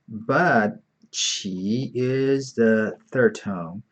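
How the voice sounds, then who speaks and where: A man teaching an online beginner Chinese lesson, patient and repetitive, saying each word several times. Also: on the low side. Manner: slow, patient, repeats words often.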